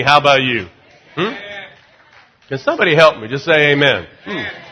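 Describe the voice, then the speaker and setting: A middle-aged male pastor preaching a sermon, animated, moving between quiet conversational asides and loud, rising declarations. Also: on the high side, normal speed, long pauses, breathy edge.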